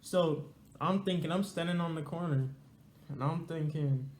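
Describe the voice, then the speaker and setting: A man's voice: a little high, normal speed, roomy sound, a little hiss or hum. A young man telling a casual, slangy, rambling story to his viewers. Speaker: storyteller vlogger.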